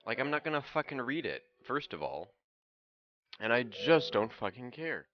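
A man's voice: medium pitch, sing-song, moderate pace, dull audio. Profane young man ranting over gameplay. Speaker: game streamer. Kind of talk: casual gameplay commentary.

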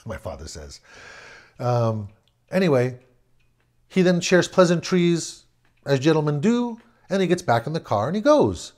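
A middle-aged man from Southern California tells an old neighborhood story off the cuff. His pitch swings up and down with the telling, and he doubles back on words and chuckles between phrases. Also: very animated, moderate pace, darkish tone. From Southern California, USA. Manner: rambling, self-correcting, chuckles as he goes. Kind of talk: casual spoken anecdote.

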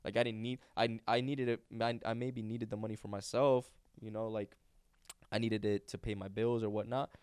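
A man's voice: on the low side, flat delivery, moderate pace, darkish tone, smooth, no room sound, studio quality. A young man co-hosting a podcast, speaking earnestly and reflectively, often restarting his sentences. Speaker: podcast co-host. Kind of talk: casual chat.

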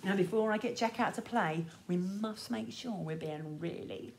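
A woman leading a sing-along class for young children in a lively, sing-song way. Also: medium pitch, normal speed, vocal fry, background noise. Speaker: children's music class teacher.

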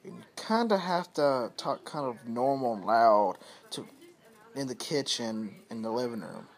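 A man's voice: medium pitch, expressive, a little slow. A man vlogging from his home, telling a long story in a loose, rambling, profane way and repeating himself often, recorded on a phone camera. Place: at home, indoors.

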